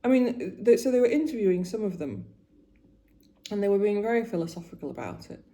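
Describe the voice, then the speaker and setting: Chatty woman with a mellow voice. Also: mid-range voice, animated, fairly quick. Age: 40s. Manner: chatty, emotional, trails off and restarts. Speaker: vlogger. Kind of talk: casual chat while doing make-up.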